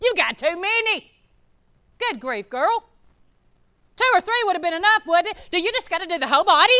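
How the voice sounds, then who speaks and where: A woman putting on a shrill, scolding churchgoer. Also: expressive, normal speed, bright, forceful tone, exaggerated voice.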